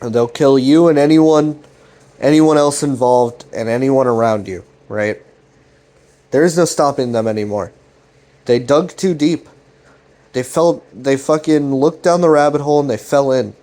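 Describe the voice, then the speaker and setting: Man, casual recap, rambling, swears a lot, retells dialogue loosely, mid pitch. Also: unhurried, warm tone. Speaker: commentary channel host. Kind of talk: casual recap of a web series.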